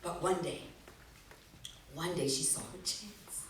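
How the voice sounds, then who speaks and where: A woman telling a folk tale live to an audience, playful and expressive, asking listeners questions. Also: on the low side, slow pace, a little hiss or hum. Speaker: storyteller. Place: festival stage before a live audience. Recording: echoey hall, distant mic.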